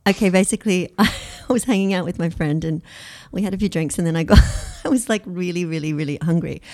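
A woman's voice: on the low side, quick pace, a little mellow. A young woman co-hosting a radio show, telling stories with laughter and getting exasperated at the jokes. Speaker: radio co-host. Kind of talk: casual banter on a radio show.

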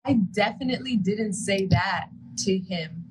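A woman's voice: mid-range voice, a little slow. A woman running a spelling game in casual chat, laid-back and often laughing. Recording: noticeable background noise.

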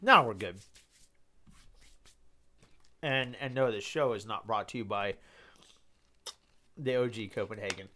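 A young male podcast host rambles through casual football picks, sounding exasperated and swearing casually. His voice sits fairly low and comes out pushed and bright, with a measured pace and frequent pauses. There's slight noise in the background.

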